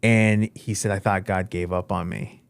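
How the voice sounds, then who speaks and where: Male host, low register, animated personal storyteller; dry, close recording. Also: normal speed, vocal fry, clear, resonant tone, no room sound. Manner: animated storyteller, acts out his own lines. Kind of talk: casual storytelling.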